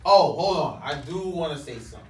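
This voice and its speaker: A man co-hosting a casual podcast, animated and full of slang, often laughing. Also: on the high side, fairly quick. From American. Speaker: podcast co-host. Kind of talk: casual chat. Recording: roomy, distant mic, faint noise.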